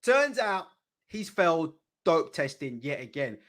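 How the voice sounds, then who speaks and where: Heated, swearing British boxing ranter. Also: male voice, a little high, very animated, a little slow, fairly bright tone. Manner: heated, profane, repetitive rhetorical questions. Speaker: boxing channel host. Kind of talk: ranting live commentary. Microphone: desk mic.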